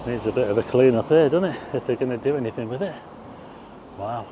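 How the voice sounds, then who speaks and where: Talking fast in a medium-pitched voice over background noise, a middle-aged vlogger rambles chattily through a walking tour of town streets, with asides to the viewer. The outdoor street recording sounds slightly dull.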